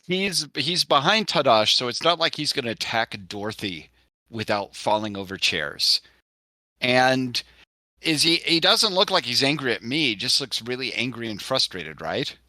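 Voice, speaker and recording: A man talks through his character's moves in a tabletop game, often restarting and correcting himself mid-sentence. His voice is bright and forward, with a dry, close sound. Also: mid-range voice, very animated, unhurried, pauses often, no room sound. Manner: rambling, self-correcting. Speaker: player.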